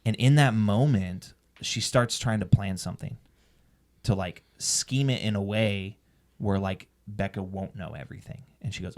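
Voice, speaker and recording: A man's voice: fairly low pitch, steady tone, normal speed, a little mellow. Rambling man telling his story. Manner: rambling, full of "like" and restarts. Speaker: husband sharing his marriage story. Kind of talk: candid personal testimony in an interview.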